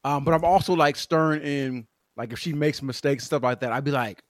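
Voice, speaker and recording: A man with a slightly high voice chats on a podcast, rambling through his thoughts with many restarts. The sound is dry and close, with no room around it. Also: steady tone, normal speed, dry recording. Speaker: podcast co-host. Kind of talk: casual chat.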